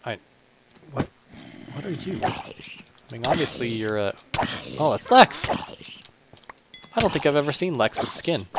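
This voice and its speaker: A man's voice: medium pitch, sing-song, moderate pace, pauses often, a bit bright, a little hiss or hum. A man hosting a gaming channel, giving chatty, self-deprecating let's play commentary, talking to himself with muttered asides and stumbling restarts.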